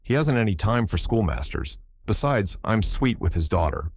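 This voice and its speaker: A man's voice: lowish voice, moderate pace, creaky, no room sound, exaggerated voice. A man doing a cocky, contemptuous young soldier. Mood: smug. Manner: calm, contemptuous. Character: cocky young soldier mocking his old teacher.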